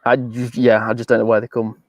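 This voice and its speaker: A man co-presenting a live show by video call, chatting in a relaxed, easygoing way. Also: mid-range voice, brisk, dry recording. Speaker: co-presenter calling in from a campsite. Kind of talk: casual live-stream chat.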